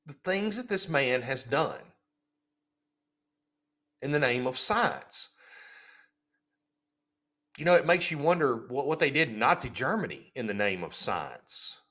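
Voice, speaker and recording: Indignant man ranting with a lively voice. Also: mid-range voice, unhurried, long pauses. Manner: indignant, sarcastic, repeats himself. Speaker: podcast host. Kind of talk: casual ranting commentary.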